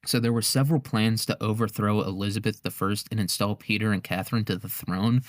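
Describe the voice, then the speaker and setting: Low-voiced, profane man riffing on history. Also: fairly even intonation, brisk, no echo, studio quality. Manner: profane, rambling, laughs often. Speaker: podcast host. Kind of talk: casual comedic history monologue.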